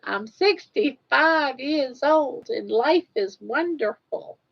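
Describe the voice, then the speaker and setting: A woman voicing a feeble old lady, drawing her words out slowly in a raised pitch. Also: lively intonation, gravelly, breathy edge, full character voice. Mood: quavering. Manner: slow, drawn-out and raised in pitch. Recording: dull lo-fi livestream audio.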